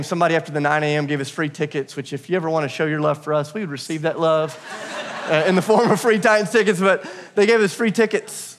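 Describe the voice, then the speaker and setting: Male pastor, fairly high voice, energetic and joking, sermon to a congregation. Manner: energetic, humorous, calls out to the congregation.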